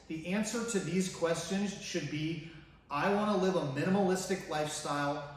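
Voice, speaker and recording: A man hosting a personal finance video, talking straight to the viewer with enthusiasm and many rhetorical questions. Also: fairly high pitch. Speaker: finance YouTuber. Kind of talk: direct-to-camera finance vlog. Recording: very echoey room, mic at a distance.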